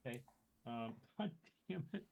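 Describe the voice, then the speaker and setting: A man's voice: mid-range voice, lively intonation, a little slow, creaky, narrow, tinny audio. A man playing a tabletop game, chatty and self-mocking about his rolls. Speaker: player. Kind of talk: casual chat at a tabletop game.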